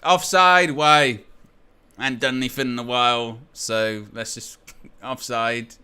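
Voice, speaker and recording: A man's voice: medium pitch, steady tone, slow, sharp tone, smooth. A man hosting a fan watchalong of a football match, swearing, laughing and ranting at the referees.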